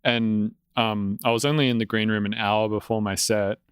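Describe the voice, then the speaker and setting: A man's voice: lowish voice, fairly even intonation, normal speed, smooth, no room sound. A man talking in a casual podcast conversation as an electronic music producer, laid-back and rambling, swearing freely, on a close studio mic.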